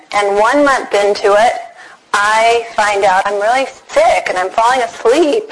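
A middle-aged woman tells a personal faith story to listeners, her fairly high voice rising as she acts out her own past reactions. She is animated and dramatic. A faint hiss sits under the recording. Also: poor audio. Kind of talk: personal testimony talk.

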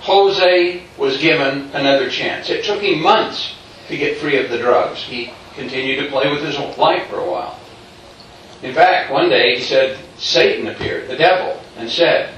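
A man's voice: on the high side, normal speed, fairly bright tone. A man telling a story in a sermon-like way, acting out what people said and chuckling along. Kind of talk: preached storytelling. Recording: very echoey hall, distant mic, faint noise.

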